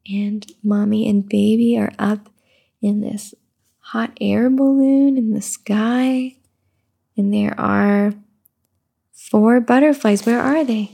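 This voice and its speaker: A young mother reads a picture book to her baby in soft, cooing baby talk. Her voice is fairly high yet warm and mellow, with a gravelly edge, and she lingers over each rhyming line at an unhurried pace. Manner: soft, cooing baby talk, slow sing-song reading.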